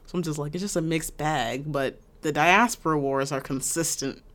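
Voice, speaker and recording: A woman co-hosting a podcast, chatting casually in a laid-back, drawn-out way. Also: sits low, fairly bright tone. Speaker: podcast co-host. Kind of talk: casual chat.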